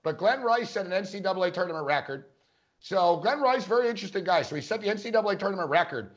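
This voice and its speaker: Guy cohosting a sports podcast, kinda high voice, rambles a story, does all the quotes himself. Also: lively intonation, fast. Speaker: podcast co-host. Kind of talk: casual sports chat.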